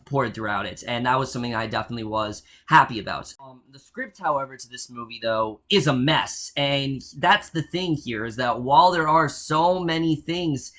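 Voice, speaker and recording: A man's voice: medium pitch, normal speed, hardly any pauses, a bit bright. A man reviewing a film in a casual spoken style, blunt and opinionated, with frequent ums and uhs. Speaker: movie reviewer.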